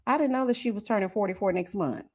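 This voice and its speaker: A woman hosting a casual live stream, chatting with viewers and reading their comments, often breaking into laughter and drawn-out murmurs of agreement. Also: medium pitch, darkish tone. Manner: chatty, talks straight to viewers.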